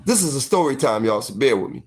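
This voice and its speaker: A man's voice: mid-range voice, sing-song, fast talker, a little hiss or hum. A man in his forties telling a personal story casually, full of fillers like "you know what I mean".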